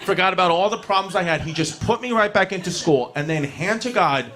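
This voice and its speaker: A man performing a stand-up comedy routine while drunk, brash and profane, shouting his punchlines. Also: high voice, lively intonation, a little fast.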